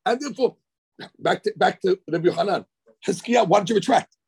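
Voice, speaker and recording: A man's voice: sits high, brisk, vocal fry, darkish tone, breathy edge. A man giving a daily Talmud lecture, explaining animatedly with frequent stammered restarts. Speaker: Talmud teacher.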